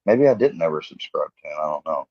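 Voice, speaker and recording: A man's voice: extremely low pitch, animated, quick pace, no echo, muffled recording. A man hosting a casual livestream, rambling chattily and talking to viewers in the chat. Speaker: livestream host.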